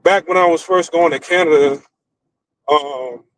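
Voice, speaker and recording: A middle-aged American man hosting a stream, telling stories in a blunt, profane, animated way. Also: fairly high pitch, a little slow, low-quality recording. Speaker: streamer host. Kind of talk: casual storytelling rant.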